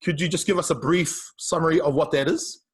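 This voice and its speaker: A man's voice: on the high side, fairly even intonation, fairly quick, breathy edge. A man interviewing a guest, reading out viewer questions in a friendly, informal way.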